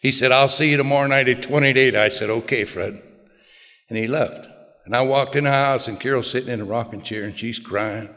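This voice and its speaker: An older man telling a plainspoken personal recovery story to a group, in a folksy way with quiet low asides. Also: brisk. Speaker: recovery speaker. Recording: long hall reverb.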